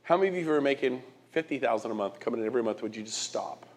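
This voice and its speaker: A middle-aged man speaking at a medium pitch as he gives a motivational talk to an audience. He pushes his points with emphatic rhetorical questions, and he often repeats and restarts words. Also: expressive, racing. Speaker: guest speaker.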